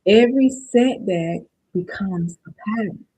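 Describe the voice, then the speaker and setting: A woman with a warm, medium-pitched, slightly rough voice hosts a motivational workshop on a live stream, talking a little slowly. She speaks casually to viewers and keeps asking the chat "right?" to make sure they understand. Audio quality is poor.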